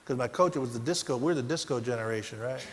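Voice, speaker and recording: A man giving a motivational keynote, telling a personal story and swinging between loud bursts and hushed moments. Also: mid-range voice, fast talker, slight background noise. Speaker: keynote speaker. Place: large conference hall. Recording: echoey hall, faint ambience.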